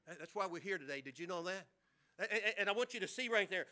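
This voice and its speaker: A man's voice: high-pitched, brisk, bright, forceful tone. A man pastor preaching a sermon in a church, conversational, with rhetorical questions and repeated words.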